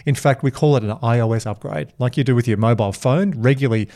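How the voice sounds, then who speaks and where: A man hosting a podcast, sounding keen as he tells stories in an easy, conversational way. His voice sits at an ordinary middle pitch for a man. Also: fast, mellow. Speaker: podcast host.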